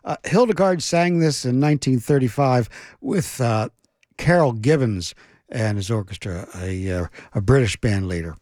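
A man's voice: mid-range voice, moderate pace, darkish tone, dry recording, studio quality. A man hosting a radio music show, introducing records in a chatty way with many fillers. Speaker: radio host. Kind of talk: casual radio banter.

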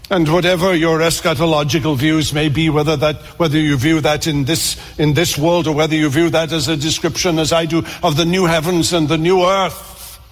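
Earnest male pastor, raised pitch, mid-sermon in a reverberant church. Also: fairly even intonation, a little fast. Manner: earnest, builds emphasis through repeated phrases. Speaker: preacher.

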